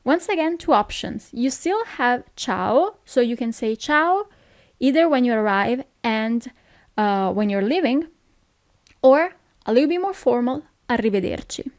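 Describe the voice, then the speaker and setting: A woman teacher walks beginners through phrases one at a time, saying each slowly and clearly. Her voice sits a little high, and the recording is close and dry, with no room sound. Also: lively intonation, no room sound. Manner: repeats each phrase slowly, checks in with "okay?". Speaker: Italian language teacher. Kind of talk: slow, clear phrase lesson.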